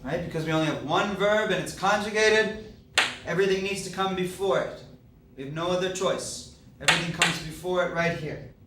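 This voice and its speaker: A man's voice: sits high, brisk, very noisy. A man teaching Spanish grammar, explaining step by step and checking in with okay and right. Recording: echoey classroom, mic at a distance.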